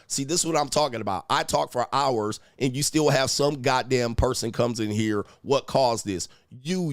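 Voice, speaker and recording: A man's voice: mid-range voice, gravelly, no room sound, studio quality. A man hosting a live stream, delivering an angry, profane rant full of insults and scornful laughter.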